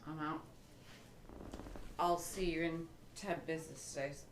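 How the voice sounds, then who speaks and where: Low-voiced woman joking on a stream. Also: steady tone, slow pace. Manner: wry, crude joking. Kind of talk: casual banter.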